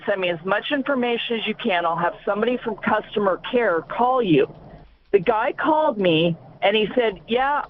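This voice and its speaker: A woman's voice: mid-range voice, slight background noise. Upset woman on a tinny phone line. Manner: indignant, talks in a rush and retells dialogue. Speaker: caller. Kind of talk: call-in complaint on a talk show.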